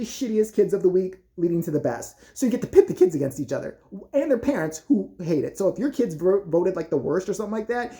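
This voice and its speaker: A woman's voice: lowish voice, mellow. A woman vlogger ranting in casual, profane comedic commentary.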